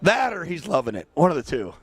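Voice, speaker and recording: A man doing play-by-play for a local baseball game, chatty and joking between pitches. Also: huge pitch swings, fast talker, slightly rough. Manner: joking, chatty, breaks into silly asides. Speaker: play-by-play announcer.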